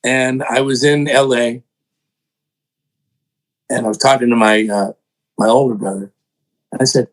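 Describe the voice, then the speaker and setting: An older man, a songwriter and producer, telling animated stories in an interview, acting out other people's voices and poking fun at himself. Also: medium pitch, measured pace, long pauses, poor audio. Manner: excitable, acts out voices in quotes, self-mocking.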